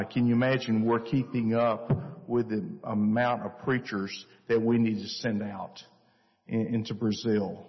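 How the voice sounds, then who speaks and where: An older man, a missionary speaker, telling a church story earnestly with many pauses. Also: fairly low pitch, creaky. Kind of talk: church talk. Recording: echoey church hall, dull lo-fi sound.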